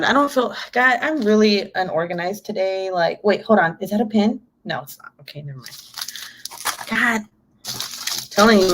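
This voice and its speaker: A woman's voice: on the low side, noisy background. A young adult woman chatting casually to camera, telling a story with lots of swearing and acted-out quotes. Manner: animated, swears freely, acts out quotes. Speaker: mom vlogger.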